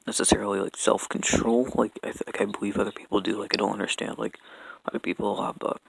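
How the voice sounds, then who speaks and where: A young man speaks in a rambling personal apology, with a rough, gravelly fry all through his lowish voice. He stumbles, restarts his sentences and leans on fillers constantly. A faint hiss of noise sits under the recording. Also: little pitch movement. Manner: halting, filler-heavy, keeps restarting sentences. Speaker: vlogger.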